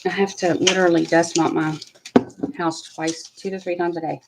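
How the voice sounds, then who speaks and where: Low-voiced chatty woman. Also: little pitch movement, moderate pace, vocal fry, background noise. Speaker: commentary host. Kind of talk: casual commentary chat.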